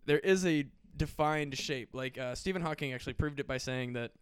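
A man on a podcast in casual chat, rambling excitedly and swearing freely, his voice cracking now and then. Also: medium pitch, fairly quick, clean tone, dry recording. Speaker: podcast guest.

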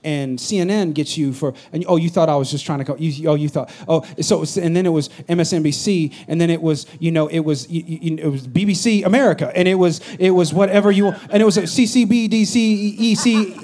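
A man, preaching a sermon as pastor. His voice sits high for a man, and he swings from loud, urgent bursts down to low, confiding asides. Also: fairly quick, few pauses.

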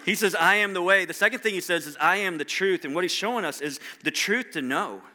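A man's voice: sits high, brisk, bright, forceful tone. A middle-aged man preaching a sermon in a conversational way, putting rhetorical questions to the congregation. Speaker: pastor.

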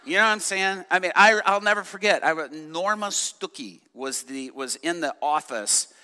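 A man preaching and telling a lively story from the pulpit, acting out the voices of the people in it and laughing along. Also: high-pitched, normal speed, clean tone, in a large hall. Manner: animated, laughing, acts out voices in his stories. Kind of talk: sermon storytelling.

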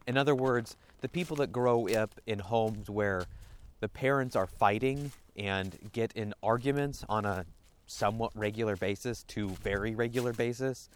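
A man hosting a solo podcast, rambling and interrupting himself, slipping into little acted-out quotes, speaking as a parent. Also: lowish voice. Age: adult parent. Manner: rambling, self-interrupting, acts out quoted voices. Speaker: podcast host.

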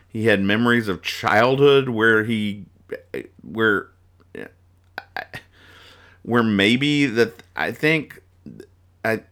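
A man hosting a casual podcast where he reads comic strips aloud, talking in a rambling, halting way and laughing at his own explanations. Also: medium pitch, fairly bright tone. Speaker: podcast host.

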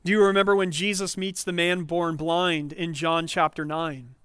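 A man's voice: a little high, flat delivery, normal speed, fairly bright tone, clean tone, dry recording, studio quality. A man preaching a sermon, earnest and emphatic, building to pointed questions for his listeners. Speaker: pastor.

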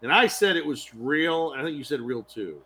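Brief: male podcast co-host, casual and crude, slightly high voice with a bright edge, faint hiss behind him. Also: animated, moderate pace. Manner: crude, storytelling, acts out characters' lines. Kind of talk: casual chat recapping a TV episode.

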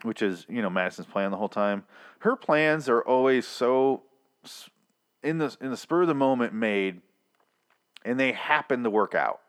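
A young podcast host gives a casual solo recap of a TV episode, joking and rambling while imitating the characters in mocking put-on voices. His medium-pitched voice is smooth and animated, moving at normal speed.

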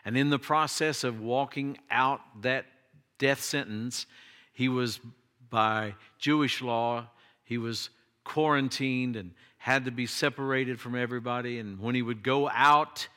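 A man preaching a sermon, emphatic, his voice jumping high when he quotes cries and pleas. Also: a little slow, sharp tone, smooth. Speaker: pastor.

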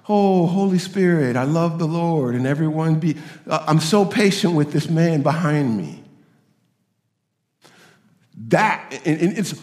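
A man preaching a sermon, animated and given to repeating his points and acting out quoted voices. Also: sits high, roomy sound, in a large hall. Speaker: pastor.

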